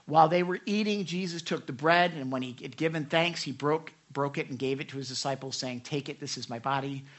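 Pastor, male, slightly high voice, animated sermon with scripture readings and side remarks. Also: brisk. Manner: lively, emphatic reading of scripture with asides.

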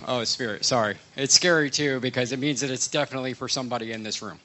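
Male guest preacher, mid pitch, talks plainly to the room, asks questions. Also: quick pace, bright, forceful tone, low-quality recording. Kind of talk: sermon.

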